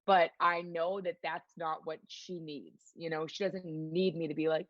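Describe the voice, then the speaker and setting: A young woman guest telling stories in a casual interview, lively and acting out other people's lines. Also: low-pitched, a little slow, hardly any pauses, no echo, highs cut off. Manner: lively storyteller who acts out quoted voices. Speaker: guest, hockey player. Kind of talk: casual interview chat, storytelling.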